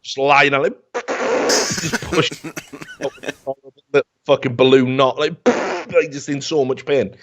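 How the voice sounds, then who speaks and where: A man's voice: medium pitch, slow pace, a bit bright. A man, hosting a talk show and ranting comically about a film in a profane, rambling, mocking way. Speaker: podcast host. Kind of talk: comedic film rant. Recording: dull lo-fi sound.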